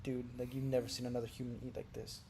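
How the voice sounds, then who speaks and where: A man swaps crude stories with a friend, his voice dropping low and mumbly and then jumping to loud, laughing shouts. He sits at an average pitch for a man. A faint hum of noise sits under the chat. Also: fast, vocal fry. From Brazil. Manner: animated, gets loud and laughing when telling wild stories. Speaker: podcast co-host. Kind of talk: casual storytelling chat.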